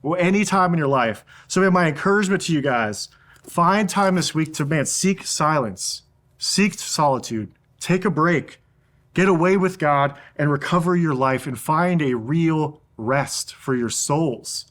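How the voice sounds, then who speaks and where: A man's voice: fairly high pitch, expressive, a little slow, a bit bright. A young adult man preaching a casual youth sermon as a youth pastor, sprinkling his talk with "man" and frequent fillers.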